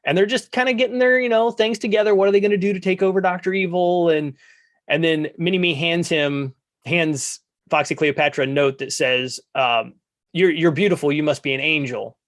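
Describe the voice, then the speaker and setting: Excited high-voiced man recapping a movie. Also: moderate pace. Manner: animated storytelling, jumps higher to quote characters. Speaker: podcast co-host. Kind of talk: casual movie recap chat.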